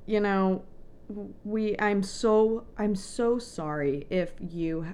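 A woman's voice: mid-range voice, slow pace, a little mellow, clear, resonant tone. A young woman co-hosting a faith podcast, talking in an earnest, encouraging way. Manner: earnest, encouraging, preachy at times. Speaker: podcast co-host. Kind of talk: casual faith podcast chat.

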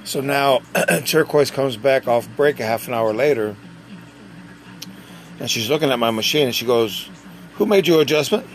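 A man telling a personal story in a casual, conversational way, pausing and restarting as he goes. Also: mid-range voice, a little hiss or hum. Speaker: dialysis patient.

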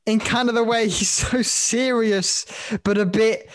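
Young man, podcast co-host, animated casual chat, dry sound. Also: sits high, a little slow, no room sound. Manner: animated, swearing, laughing often.

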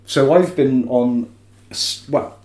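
A man's voice: mid-range voice, slow pace, darkish tone. A man co-hosting a podcast in casual chat, chatty and rambling, with plenty of restarts. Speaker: podcast co-host. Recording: roomy echo.

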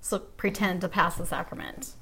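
A woman's voice: on the low side, fairly even intonation, moderate pace, sharp tone, slightly rough. A woman co-hosting a podcast in casual chat, making sarcastic, mocking comments. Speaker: podcast co-host.

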